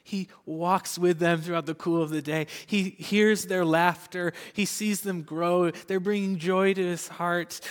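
A young man preaching a sermon as a church pastor, earnest and candid, with light laughs, dropping into soft whispers at tender moments. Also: sits high, steady tone, measured pace, hardly any pauses, big-room sound.

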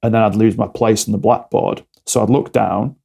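A man's voice: on the low side, fairly even intonation, a little fast, vocal fry, warm tone, breathy edge. A man talking candidly as a podcast guest, often acting out little back-and-forth dialogues to explain a point. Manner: explains with acted-out mini dialogues. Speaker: podcast guest, alcohol-free coach.

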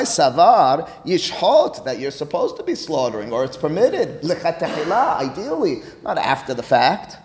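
Animated man teaching a Talmud class. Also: on the high side, echoey room, in a large hall. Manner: animated, emphatic, mixes Hebrew and Aramaic terms.

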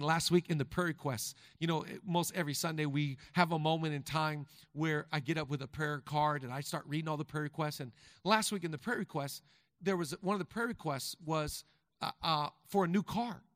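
A man preaching a sermon as pastor, talking conversationally with the congregation and building to fervent shouting. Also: fairly high pitch, dry recording, studio quality, long reverb tail. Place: large church hall.

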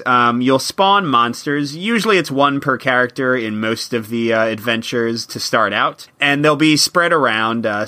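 A man co-hosting a board game podcast, talking in a relaxed, upbeat way with plenty of "uh"s as he explains rules. His voice is bright and forward, sitting at an ordinary middle pitch. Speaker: podcast co-host. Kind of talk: casual podcast chat.

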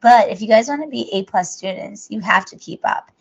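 A woman's voice: medium pitch, a little fast, vocal fry, slightly rough. A woman co-hosting a podcast, chatting casually in a rambling, jokey way. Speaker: podcast co-host. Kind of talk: casual chat. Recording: muffled lo-fi audio.

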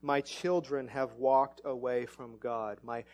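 A middle-aged man preaching a sermon as pastor, animated and self-mocking, his voice climbing when excited. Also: mid-range voice, slow pace.

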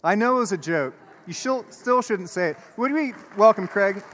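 A pastor with a fairly high voice delivers a sermon, earnest and insistent as he stacks repeated phrases. He drops easily into relaxed, friendly chatter with the people in front of him. The sound rings with the long reverb of a church sanctuary. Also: moderate pace, a little hiss or hum. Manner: earnest preaching with repeated phrases, turning casual and chatty with the congregation. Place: church sanctuary before a congregation. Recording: echoey church hall.

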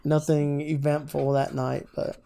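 Low-voiced woman telling a story. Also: flat delivery, unhurried, creaky, dark tone. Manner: swears freely, tells stories with acted quotes. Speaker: podcast co-host. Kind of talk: casual chat.

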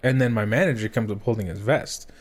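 A man's voice: on the low side, quick pace, slight background noise. A young man telling a rambling story on a podcast. He swears a lot and often restarts his sentences. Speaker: podcast co-host. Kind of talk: casual storytelling banter.

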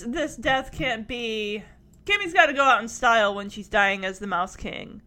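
High-voiced woman recapping a show. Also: a little slow. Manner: animated, laughs often.

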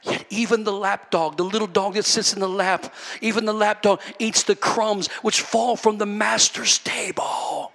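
Desperate pleading mother, voiced by a male preacher; high and sharp, church reverb. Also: level tone, moderate pace. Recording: echoey church hall.

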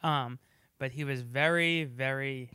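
A man's voice: mid-range voice, unhurried, bright, forceful tone, clean tone, no room sound, clean studio sound. A man co-hosting a casual movie review, chatty and digressive, full of trivia. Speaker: podcast co-host.

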